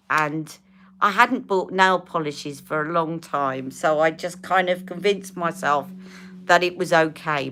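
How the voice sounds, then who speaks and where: Brief: woman, fifties, beauty livestream host; low-set but bright, chatty and rambling. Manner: chatty, rambling, answers viewers' comments. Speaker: beauty live-stream host. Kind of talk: casual chat while doing makeup.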